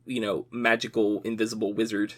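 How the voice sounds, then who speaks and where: A man's voice: lowish voice, flat delivery, a little fast. A man hosting a casual podcast, asking loose questions and nodding along with short replies. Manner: brief affirming interjections, loose questions. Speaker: podcast host.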